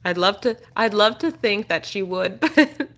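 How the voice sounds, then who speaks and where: A woman's voice: mid-range voice, expressive, measured pace, a bit bright. A woman chatting casually on a live stream at home, coaxing her dog in a sing-song voice between remarks. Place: indoor room at home.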